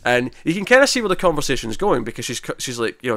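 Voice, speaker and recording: A man's voice: medium pitch, sing-song, very fast, a bit bright, dry recording. A man co-hosting a podcast, recapping a drama episode in a chatty, rambling way and acting out quotes. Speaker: podcast co-host. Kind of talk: casual TV review recap.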